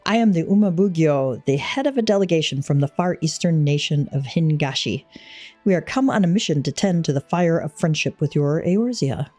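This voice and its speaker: A woman's voice: low voice, expressive, normal speed, warm tone, no room sound, faint music behind. A woman reading aloud the lines of a pompous male envoy from the Far East in a game, with formal, archaic phrasing. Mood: stately. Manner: stately, archaic, ceremonious phrasing. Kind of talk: read-aloud game dialogue.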